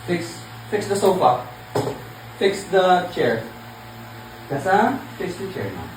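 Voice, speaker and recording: A mother, patiently coaxing and firmly calming her child at home in a casual vlog. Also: fairly low pitch, slow. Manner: patient, coaxing, firm but gentle. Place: living room at home. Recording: echoey room, far from mic, background noise.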